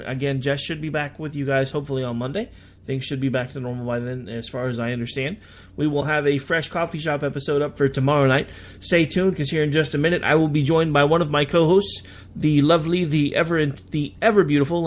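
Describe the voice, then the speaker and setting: Chatty, sarcastic American radio host. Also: male voice, medium pitch. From United States. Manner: reads news then adds chatty sarcastic asides; self-deprecating, halting restarts. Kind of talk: casual news commentary.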